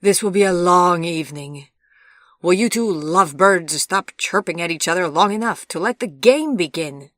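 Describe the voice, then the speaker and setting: A woman's voice: fairly low pitch, normal speed, a bit bright, no echo, clean studio sound, lightly acted. A woman reader voicing a fussy, exasperated man hosting a dinner. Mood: scolding. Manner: despairing, scolding.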